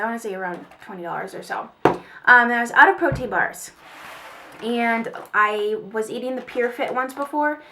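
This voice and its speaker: A woman's voice: on the high side, background noise. A woman chatting casually through a product haul, rambling with fillers and small laughs. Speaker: beauty vlogger. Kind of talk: casual haul video chat.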